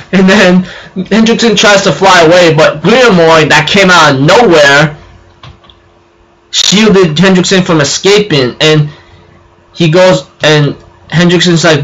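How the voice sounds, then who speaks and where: A man's voice: sits high, slow, pauses often, a bit bright, rough recording. Rambling young man recapping episodes. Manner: rambling, with fillers and self-corrections. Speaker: anime recap vlogger.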